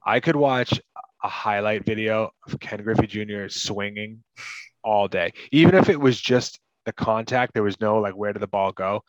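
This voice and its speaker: Rambling man, low voice, dull dry sound. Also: moderate pace, dry recording. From Massachusetts. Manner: rambling, lots of fillers like "like" and "you know". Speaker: podcast co-host. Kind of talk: casual movie podcast chat.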